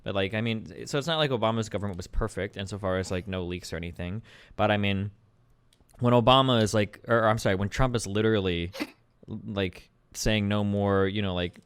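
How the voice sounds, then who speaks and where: A man's voice: fairly low pitch, smooth. A man hosting a stream, arguing politics casually with a caller, blunt and full of fillers and swearing. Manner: talks fast with many fillers, blunt and swearing. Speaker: streamer host debating a caller.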